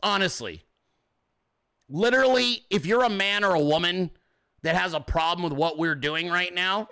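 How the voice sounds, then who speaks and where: A man's voice: high voice, normal speed, bright, forceful tone, clean tone. A man hosting a ranting commentary show, profane and mocking, with a sarcastic edge. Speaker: host.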